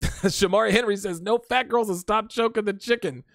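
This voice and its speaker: A man's voice: high-pitched, moderate pace, creaky, fairly bright tone, dry recording, clean studio sound. A grown man hosting a casual livestream, reading chat comments aloud and answering them bluntly and profanely, often laughing. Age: adult.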